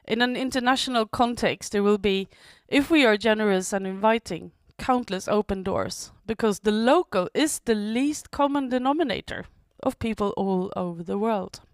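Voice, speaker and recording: Woman, medium pitch, deliberate speech pacing, dry close recording. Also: clear, resonant tone, no echo. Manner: measured, deliberate delivery. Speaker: speaker and event moderator. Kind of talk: prepared speech.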